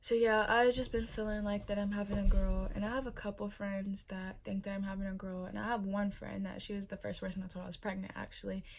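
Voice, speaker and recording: A woman's voice: mid-range voice, little pitch movement, fast, gravelly, few pauses, background noise. A young pregnant woman chatting casually in a vlog, emotional and full of fillers. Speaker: vlogger.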